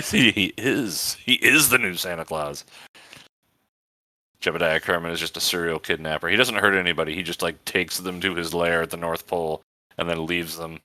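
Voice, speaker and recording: Deep-voiced joking man gaming. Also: pushed and bright, dry recording. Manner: joking, quick to laugh. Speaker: gaming commentator. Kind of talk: casual gaming chat.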